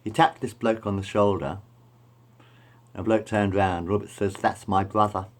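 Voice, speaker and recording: Low-ish voiced middle aged guy rambling on about the old days, keeps repeating himself. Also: steady tone, normal speed, darkish tone. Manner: repetitive, meandering, self-correcting. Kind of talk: rambling personal storytelling.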